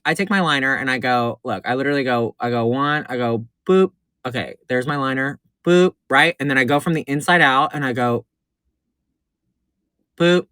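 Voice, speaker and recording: A man's voice: on the high side, bright, forceful tone, no room sound, studio quality. A man who performs in drag, giving a campy, chatty makeup tutorial on a livestream and calling his viewers honey and baby. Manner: gushing and repetitive.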